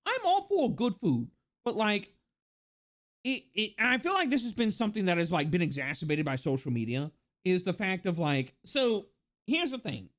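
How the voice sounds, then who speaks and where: Lively, rambling live-streamer ranting casually. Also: mid-range voice, normal speed. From United States. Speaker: livestreamer.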